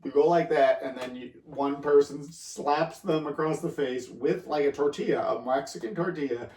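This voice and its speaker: A man's voice: fairly high pitch, darkish tone, distant mic. Easygoing man co-hosting a podcast. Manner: easygoing, lots of quick agreeing. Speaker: podcast co-host. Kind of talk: casual chat. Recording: roomy, off-mic sound.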